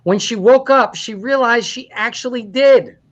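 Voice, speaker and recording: A man's voice: extremely high pitch, unhurried, highs cut off. A man hosting a comedy talk show, joking and laughing through his running commentary.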